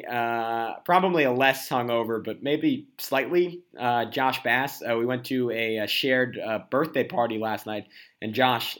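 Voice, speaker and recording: A man's voice: medium pitch, a bit bright. A young man from New York City hosting a casual sports podcast, rambling with lots of fillers. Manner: rambling, heavy use of "like" and "uh". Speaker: podcast host.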